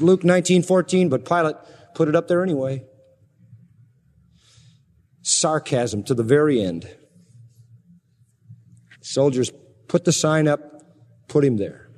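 A high-pitched man preaching a sermon, his voice trailing off into the long reverb of a big hall. He swings between ringing, emphatic passages and hushed, low ones. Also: takes it slowly, pauses often. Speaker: pastor.

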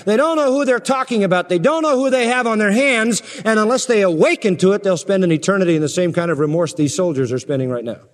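A man preaching a sermon, swinging between loud emphatic passages and hushed, quiet ones. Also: high-pitched, quick pace, few pauses, big-room sound. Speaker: pastor.

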